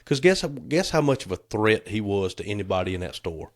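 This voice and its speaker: A man's voice: on the low side, sing-song, brisk. A middle-aged man, co-hosting a podcast, telling stories and laughing through the funny parts. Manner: laughs through his stories, acts out quotes. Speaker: podcast co-host. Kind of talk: casual storytelling chat.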